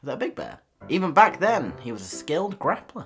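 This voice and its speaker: A woman's voice: sits low, very animated, fairly quick, soft background music. Giggly woman reading weird news. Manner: giggly, swears, jokey asides and silly voices. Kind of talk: comedic news reading with asides.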